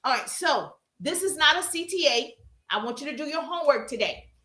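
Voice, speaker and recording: Woman live-stream coach, high bright voice, emphatic and repetitive, in an echoey room. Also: animated, fairly quick. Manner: emphatic, repetitive, calls viewers "baby" and "pretty people", acts out viewers' voices. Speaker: social media coach hosting a live stream. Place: livestream while working out.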